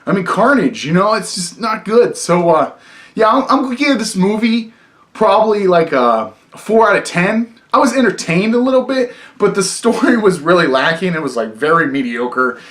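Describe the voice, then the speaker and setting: A man's voice: sits high, sing-song, normal speed, a bit bright. A young man reviewing a film in a casual vlog, rambling with lots of fillers and frequent swearing. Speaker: movie reviewer.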